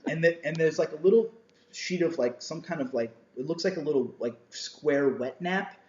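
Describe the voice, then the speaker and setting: A man's voice: on the high side, moderate pace, a little mellow. A man telling a story as a podcast guest in casual chat, acting out voices and laughing often. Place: small mobile studio. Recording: roomy, dull lo-fi sound.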